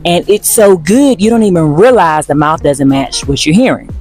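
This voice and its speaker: A woman's voice: on the low side, lively intonation, moderate pace, darkish tone, soft background music. A woman giving a chatty vlog review, addressing her viewers as y'all. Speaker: vlogger reviewing shows.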